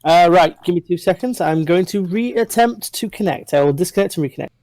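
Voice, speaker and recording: A man with a slightly higher voice, narrating a tabletop game as game master over a voice call. His descriptions are loose and full of "uh" and "like." The recording is dry and close. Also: expressive, brisk, darkish tone, no room sound, low-quality recording.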